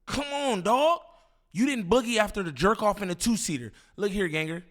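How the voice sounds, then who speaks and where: A man's voice: high-pitched, lively intonation, moderate pace, fairly bright tone. A man hosting a casual reaction commentary, talking in slang, repeating himself and laughing in disbelief. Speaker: commentary host reacting to a clip.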